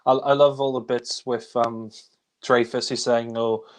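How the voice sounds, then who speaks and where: Casual male reviewer, mid-pitched and rambling, prone to chuckles. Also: flat delivery, a little slow. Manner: rambling, chuckles often, many fillers. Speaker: film reviewer. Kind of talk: casual film discussion.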